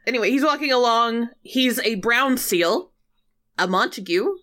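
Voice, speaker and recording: Podcast co-host, woman: bright, dry comic recap with a fairly high pitch. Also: measured pace. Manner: wry, deadpan, breaks into silly voices. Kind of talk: casual comedic recap.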